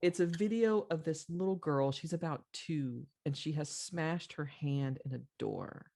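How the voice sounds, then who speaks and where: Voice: medium pitch, measured pace, vocal fry, warm tone. A podcast host telling a story in an earnest, reflective conversational way, with frequent fillers.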